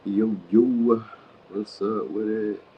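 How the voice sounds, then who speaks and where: A man's voice: on the low side, fairly even intonation, slow pace, narrow, tinny audio, slight background noise. A man hosting a live tarot reading, chatting loosely with viewers in slang and saying "you know what I mean" a lot. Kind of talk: casual live-stream chat.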